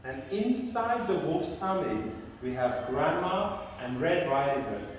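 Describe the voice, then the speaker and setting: A woman teacher telling a children's story slowly, stopping often to quiz the child. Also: deep voice, a little hiss or hum. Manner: slow, lively, quizzing the child often. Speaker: English teacher. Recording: echoey room from far off.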